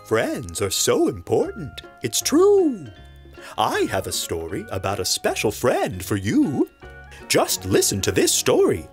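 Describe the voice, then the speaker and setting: A performer voicing a wise, friendly owl puppet who talks slowly and gently in a children's church puppet show. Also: mid-range voice, huge pitch swings, faint music behind. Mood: gentle.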